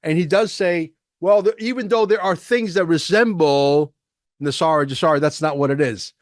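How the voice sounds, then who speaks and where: A man's voice: on the high side, normal speed, dry recording, clean studio sound. A man hosting a podcast, ranting emphatically with rhetorical questions and profanity as he comments on a clip. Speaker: podcast host.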